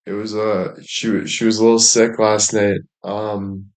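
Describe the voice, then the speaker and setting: A man talking loosely on a stream, his voice sitting a little low. He rambles, swears freely and leans on fillers between his thoughts. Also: flat delivery, measured pace. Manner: rambling, profane, with lots of filler words. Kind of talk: casual chat.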